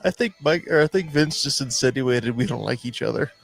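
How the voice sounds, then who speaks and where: A man's voice: medium pitch, fairly quick, creaky, soft background music. A man co-hosting a podcast, teasing the others wryly in a casual chat. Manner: wry teasing. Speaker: podcast co-host.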